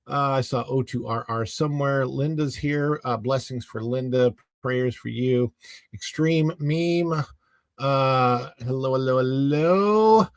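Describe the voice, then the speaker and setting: Chatty man, lively pitch, dry close mic. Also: no echo. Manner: chatty, laughs often, playful. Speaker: livestream podcast host. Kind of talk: casual live chat, greeting viewers.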